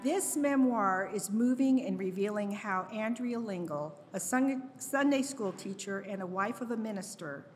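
Slow, earnest woman reading a memoir. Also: mid-range voice. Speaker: guest reader. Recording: long hall reverb, faint noise.

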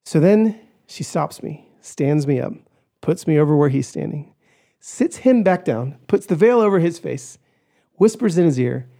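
A man guest on a podcast, telling a personal story in an animated way and acting out the voices of others. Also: a little high, unhurried. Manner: animated, acts out quoted voices, shouts in retelling.

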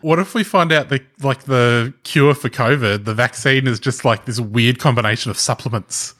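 A man co-hosting a podcast, throwing in quick jokes during casual comedic chat. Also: mid-range voice, fairly bright tone. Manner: quick quips, laughing. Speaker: podcast co-host.

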